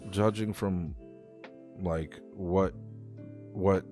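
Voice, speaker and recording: Low-voiced young man chatting casually. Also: fairly even intonation, extremely slow, warm tone, faint music behind. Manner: heartfelt, swears freely, rambling. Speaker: talk show host. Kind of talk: casual livestream chat.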